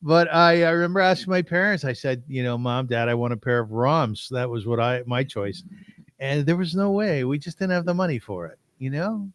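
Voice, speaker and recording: A man's voice: a little high, lively intonation, fairly quick, fairly bright tone, no room sound. A man in his sixties hosting an interview, conversational and asking probing follow-up questions. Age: 60s. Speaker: podcast host.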